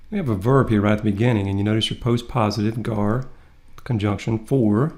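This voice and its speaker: A man's voice: fairly low pitch, steady tone, a little mellow. A man teaching a recorded Greek lesson, working through the grammar step by step in a methodical, patient way. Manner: methodical, explains step by step with pauses. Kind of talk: recorded lecture walking through a text.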